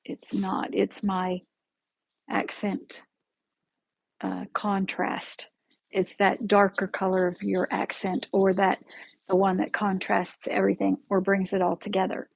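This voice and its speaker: Slow-talking woman with a gravelly voice. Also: mid-range voice, monotone, no echo, poor audio. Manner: chatty, friendly, pauses and self-corrects. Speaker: quilting teacher hosting a live stream. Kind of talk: casual live-stream sewing lesson. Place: sewing room at home. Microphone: camera in the room, with her stepping back from it.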